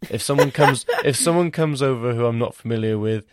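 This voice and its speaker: A man co-hosting a podcast in casual chat, low-key and quiet, mostly chiming in with brief agreement. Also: a little fast, noisy background. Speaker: podcast co-host.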